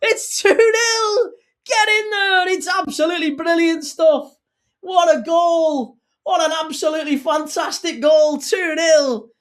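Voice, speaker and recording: A football fan calmly breaking down a goal, measured and admiring. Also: very high voice. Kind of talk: casual match analysis.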